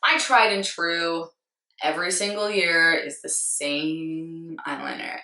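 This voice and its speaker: Young female beauty vlogger, slightly hoarse, rambling and self-mocking, recorded a little off-mic in a roomy space. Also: fairly low pitch, sharp tone, recorded from a distance. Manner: chatty, rambling, self-deprecating, lots of "like". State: losing her voice, slightly hoarse. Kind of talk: casual product review.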